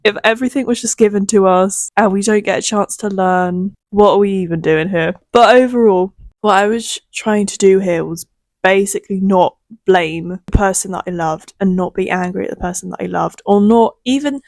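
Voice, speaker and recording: Soft-spoken young woman, rambling. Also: mid-range voice, moderate pace, no room sound, studio quality. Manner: soft-spoken, rambling with many fillers and light laughs. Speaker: vlogger. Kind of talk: reflective casual monologue.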